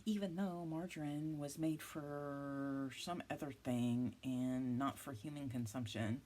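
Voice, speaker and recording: A woman's voice: extremely low pitch, fairly even intonation, unhurried, dark tone, slight background noise. A woman in her fifties chatting casually through a craft haul, self-mocking and prone to giggly asides. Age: 50s. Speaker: craft vlogger.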